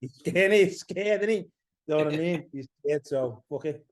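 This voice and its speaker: A man's voice: a little high, moderate pace. A man from England with an English accent, telling a rambling story as a podcast guest, swearing freely and getting heated. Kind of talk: casual chat, storytelling.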